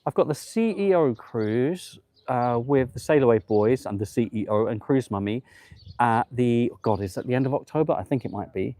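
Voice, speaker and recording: A man's voice: mid-range voice, expressive, moderate pace, dark tone, dry recording. A man hosting a live travel stream outdoors on a promenade, gushing and chatty, reading viewer comments aloud. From United Kingdom. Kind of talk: casual live-stream chat.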